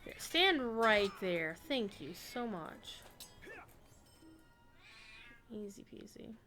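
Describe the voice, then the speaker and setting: A woman's voice: medium pitch, big pitch swings, slow pace, sharp tone, soft background music. A woman streaming an online role-playing game, chatting casually as she plays and talking to her pets. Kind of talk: casual gameplay commentary.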